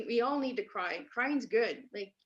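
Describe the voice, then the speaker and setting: Over a remote call captured in dull lo-fi sound, a female podcast guest from Canada recounts her own story. She speaks earnestly and with emphasis, repeating herself to drive points home, in a fairly high, expressive voice at a slightly slow pace.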